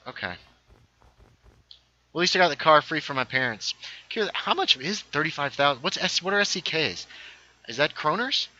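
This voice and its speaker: A man's voice: mid-range voice, sharp tone, dull audio. A man hosting a casual gaming livestream, thinking aloud as he builds and reading viewer chat aloud. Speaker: livestream host.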